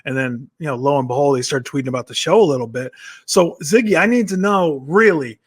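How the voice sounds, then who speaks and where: A man's voice: on the high side, brisk, husky. Teasing, laughing podcast co-host man. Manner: teasing, laughing, egging others on. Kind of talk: casual podcast chat.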